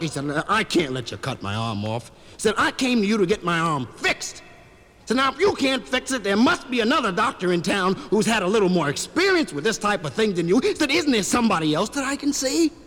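A man playing a panicky young man with a mangled arm, in shrill, incredulous outbursts. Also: very animated, brisk, fairly bright tone, big-room sound, heavily acted.

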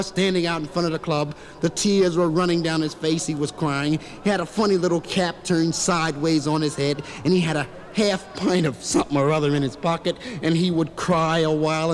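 A man performing a stand-up comedy routine in a club, an animated storyteller who acts out every character. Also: on the high side, a little fast.

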